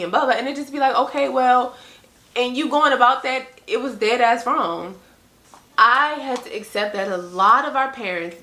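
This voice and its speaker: Earnest young woman vlogging, bright echoey sound. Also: a little high. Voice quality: conversational, frequent "like" and "you know". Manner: earnest, animated quoting of others. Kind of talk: casual reflective monologue.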